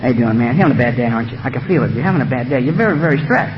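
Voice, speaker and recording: A sly male beast of addiction murmurs low and hushed, coaxing and wheedling, as a man puts it on. The sound is dull and lo-fi, with faint noise behind it. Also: animated, rapid-fire. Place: meeting room. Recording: dull lo-fi recording.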